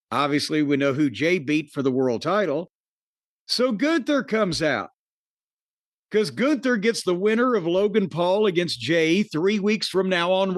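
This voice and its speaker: High-voiced man ranting on a podcast. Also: no echo. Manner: profane, opinionated ranting with dry jokes. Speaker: podcast host. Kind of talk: casual wrestling review chat.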